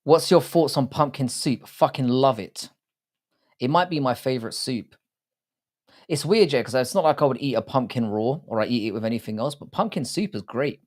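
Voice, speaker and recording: A man's voice: medium pitch, expressive, moderate pace. Foul-mouthed British man chatting on stream. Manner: crude, swears often, greets chat by name. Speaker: live-stream host. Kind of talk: casual live-stream chat.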